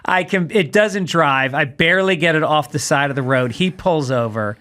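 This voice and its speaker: A man who is a comedian guest on a podcast, telling stories in an animated way and acting out his own shouting. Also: on the high side, moderate pace. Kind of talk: casual chat.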